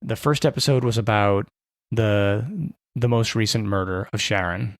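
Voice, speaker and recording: Gravelly man co-hosting a podcast. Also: on the low side, moderate pace, dry recording, studio quality. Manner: rambling, self-correcting, wry. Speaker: podcast co-host. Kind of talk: casual chat.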